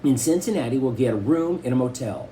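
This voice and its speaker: A man's voice: mid-range voice, lively intonation, fast, mellow, a little hiss or hum, close to an everyday voice, rough recording. A man voicing a careful mother who explains a trip plan step by step. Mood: planning. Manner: matter-of-fact, explaining step by step.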